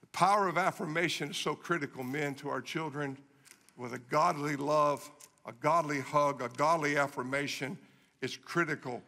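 This guest preacher, a middle-aged man, speaks at a normal pace in a slightly high, pushed, bright voice. He tells his sermon's stories with animation and repeats phrases for emphasis, all echoing through the long reverb of a large hall.

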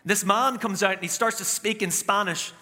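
Bright-voiced Irish pastor in a big hall. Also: male voice, sits high, normal speed. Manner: humorous, self-mocking storyteller. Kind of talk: storytelling sermon. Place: large church auditorium. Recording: reverberant auditorium.

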